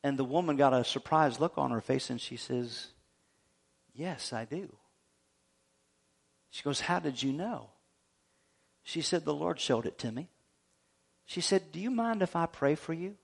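A man's voice: a little high, lively intonation, normal speed, gravelly. A man preaching a sermon as pastor, telling a story, acting out the voices of the people in it and calling for amens.

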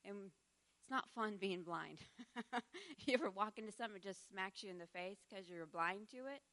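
A woman's voice: medium pitch, normal speed, fairly bright tone. A middle-aged woman teaching in church, conversational and heartfelt, laughing often between thoughts.

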